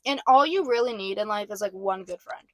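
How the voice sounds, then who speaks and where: A woman's voice: medium pitch, lively intonation, a little fast, a bit bright, dry recording. Young female podcast co-host, loose chatty delivery, filler-heavy. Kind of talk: casual chat.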